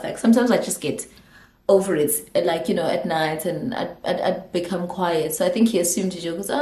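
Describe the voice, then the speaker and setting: South african girl spilling tea on her channel, chatty, drops in zulu words, echoey room. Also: mid-range voice. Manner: chatty storyteller, mixes in isiZulu phrases. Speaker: YouTuber. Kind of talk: storytime vlog. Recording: roomy echo.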